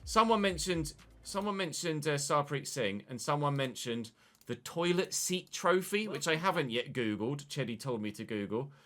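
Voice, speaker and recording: A man giving casual, jokey let's-play commentary on his own football video game match, chatty and quick to get excited. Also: mid-range voice. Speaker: gaming YouTuber.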